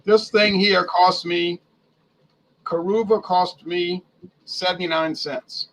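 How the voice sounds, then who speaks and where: A man's voice: sits high, fairly even intonation, slow pace, fairly bright tone, rough recording. A man co-hosting a casual chat show, chatty, reading off items and prices one by one. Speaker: co-host.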